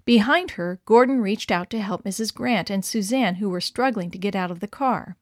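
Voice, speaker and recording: A woman narrating a story in a clear, expressive read-aloud manner. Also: medium pitch, normal speed, no echo, studio quality. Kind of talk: scripted narration.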